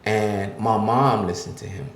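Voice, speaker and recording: A man in his fifties giving motivational life advice to men. He starts slow and halting, then builds to forceful, preacherly emphasis. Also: lowish voice. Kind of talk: motivational talk. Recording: roomy echo.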